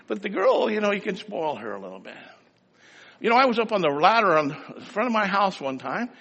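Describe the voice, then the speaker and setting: A man preaching a sermon, telling folksy stories and building to fervent, loud exhortation. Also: high voice, very animated, fairly quick, vocal fry, long reverb tail, dull audio.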